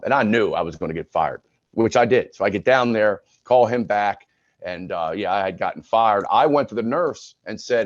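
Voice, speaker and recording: A man in his sixties speaks frankly and conversationally as a podcast guest, retelling his past with plenty of restarts. His voice sits at an ordinary pitch. The recording is dry and a little dull and lo-fi. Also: lively intonation, moderate pace, no room sound. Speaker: podcast guest, retired sports broadcaster. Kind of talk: candid personal storytelling.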